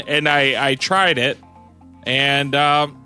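A man with a bright, forward voice at a middle pitch, telling a story in a halting way on a casual podcast. Faint music sits under his voice. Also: fairly even intonation, clean tone. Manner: hesitant storyteller with many restarts. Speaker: podcast co-host. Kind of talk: casual anecdotal chat.

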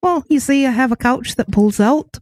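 A woman's voice: high-pitched, normal speed, background noise, close to an everyday voice. A woman voicing a flirty female Loch Ness Monster with a put-on Scottish accent, in an improvised comedy sketch. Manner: coy, sly flirting.

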